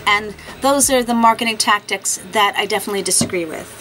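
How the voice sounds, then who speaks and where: A woman's voice: medium pitch, brisk, pushed and bright, faint music behind, low-quality recording. A woman making a casual makeup vlog to camera, chatty, apologetic and hard on herself. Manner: chatty, self-deprecating and apologetic. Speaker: beauty vlogger.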